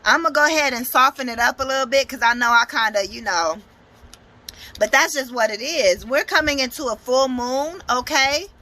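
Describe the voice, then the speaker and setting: Bright, high-voiced emphatic woman. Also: moderate pace. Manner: emphatic, profane, preachy. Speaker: motivational speaker and tarot reader. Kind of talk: blunt motivational tarot talk.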